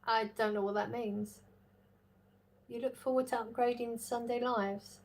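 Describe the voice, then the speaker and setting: A woman chats casually on her live stream, reading out viewer messages and reacting with frequent laughs. Her voice sits a little higher than most women's. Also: level tone, unhurried. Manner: chatty, reads chat aloud, laughs often. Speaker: livestream host reading chat.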